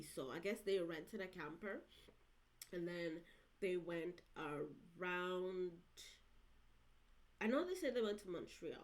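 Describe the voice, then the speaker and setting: A woman's voice: on the low side, darkish tone, poor audio. A young woman vlogging, telling a casual, rambling story to camera with slangy asides.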